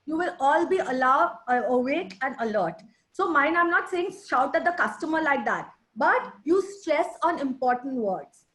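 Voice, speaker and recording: A woman's voice: high voice, normal speed. A woman leading an online sales training over a video call, emphatic and coaxing her listeners. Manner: lively, emphatic, coaxing the audience. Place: virtual session, video call. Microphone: video call mic.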